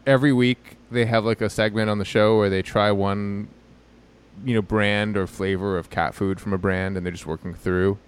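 Rambling low-voiced man, casual chat. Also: fairly even intonation, moderate pace, smooth. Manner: rambling, hesitant, many restarts and fillers. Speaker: podcast co-host.

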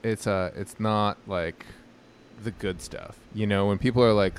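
A man with a fairly low voice co-hosts a casual podcast chat. He rambles, trails off, and restarts his sentences often, filling the gaps with plenty of fillers. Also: fairly even intonation, measured pace, slight background noise. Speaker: podcast co-host.

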